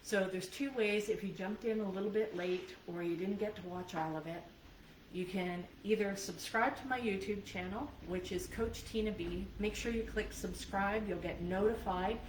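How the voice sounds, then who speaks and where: A woman's voice: medium pitch, normal speed. A woman coach giving a live video training in an earnest, conversational manner, often checking in with her listeners. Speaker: life and business coach. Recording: roomy sound from a distant mic, faint background noise.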